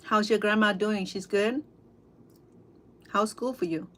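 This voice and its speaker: A middle-aged Cambodian-accented woman talks to her viewers while she eats, in a loose, easygoing chat. Her pitch sits mid-range, and she stops and restarts her sentences often, with plenty of "um"s. A faint hum of room noise lies behind her phone. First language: Khmer. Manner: chatty, halting, with frequent fillers and restarts. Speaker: cooking vlogger and interpreter. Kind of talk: casual livestream chat while eating. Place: at home at a dinner table.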